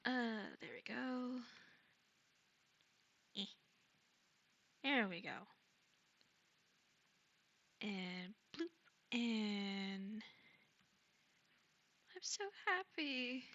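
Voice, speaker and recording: A sick woman streaming a game live, chatting casually and gushing with excitement as she thanks her viewers. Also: on the high side, very slow, pauses often, lo-fi sound.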